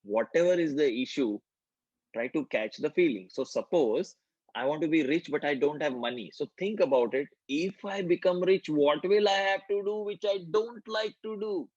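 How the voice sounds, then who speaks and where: Man calmly guiding a group session. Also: on the high side, dry recording, dull audio. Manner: calm instructive, repeats affirmations in a slow chant. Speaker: workshop facilitator. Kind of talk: guided group healing session.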